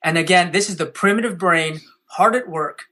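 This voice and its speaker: Energetic man coaching on public speaking. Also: high-pitched, normal speed. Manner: energetic, coaching tone with acted-out quotes. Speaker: guest. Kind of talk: podcast interview.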